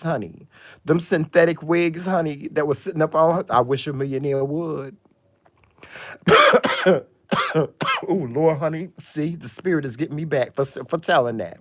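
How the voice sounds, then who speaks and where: A man vlogging a casual monologue, telling gossipy stories in a sassy, dramatic way, full of "honey" and "child" and sudden loud exclamations. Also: on the high side, animated, moderate pace. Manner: dramatic exclamations and swings in loudness.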